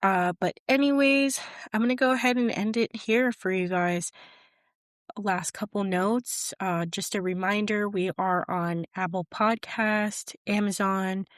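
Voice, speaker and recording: A woman's voice: medium pitch, fairly even intonation, unhurried, no echo, studio quality. A young adult woman hosting a podcast, casually recapping a film in a chatty way full of fillers. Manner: chatty, leans on fillers like "basically" and "type of thing". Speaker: podcast host.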